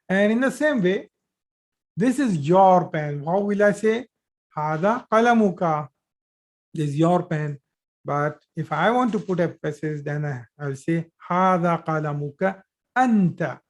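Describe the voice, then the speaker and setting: A man leads a live online Arabic grammar lesson, explaining each point patiently. He repeats example sentences and pauses often with fillers and restarts. He speaks into a computer mic on a video call. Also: high voice. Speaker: Arabic teacher.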